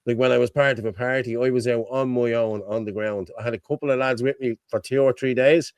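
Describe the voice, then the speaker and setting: A man's voice: medium pitch, fairly even intonation, fast talker, darkish tone, clear, resonant tone, dry recording. A middle-aged man hosting a live stream chat, rambling and swearing, with a constant "you know what I mean". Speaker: host.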